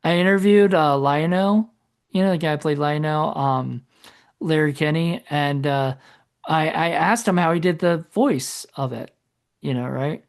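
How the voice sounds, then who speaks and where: Speaking in an unhurried way, this podcast co-host has a voice on the high side. His casual chat wanders, with frequent self-corrections and sentences that trail away.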